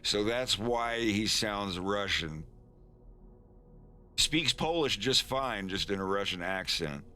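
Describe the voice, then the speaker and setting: A male animator talks through his work on a live stream in a loose, rambling way. His voice sits low and moves at an easy, slow pace, with a bright, forceful edge to the tone. He trips over his words and restarts often, with a chuckle never far off. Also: expressive. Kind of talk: casual live-stream chat.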